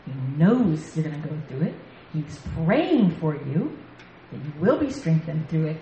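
A woman speaker giving a lively faith talk to a women's gathering from a stage mic, telling stories and laughing often. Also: low-pitched, moderate pace, lo-fi sound. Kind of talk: sermon-style faith talk. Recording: echoey hall, faint background noise.

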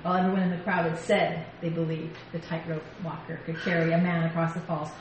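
An animated women's ministry speaker gives a sermon-style faith talk on a stage mic, telling stories in a lively way and laughing often. Her voice is deep and fast, the highs are cut off, and the echoey hall carries faint background noise.

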